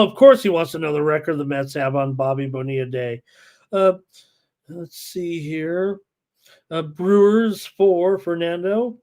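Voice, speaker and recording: Reading the viewer chat out loud, a man runs a live sports betting show with lots of excitement and plenty of "uh" fillers. His pitch is fairly high.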